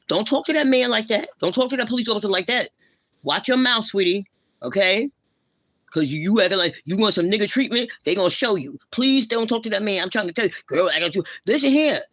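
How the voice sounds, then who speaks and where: A woman rants on her livestream, lecturing and scolding in blunt street slang. Her voice is sharp and forceful, and the sound is dry and close with no room echo. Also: mid-range voice. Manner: blunt, confrontational, heavy slang. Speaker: livestream host. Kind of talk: ranting live commentary.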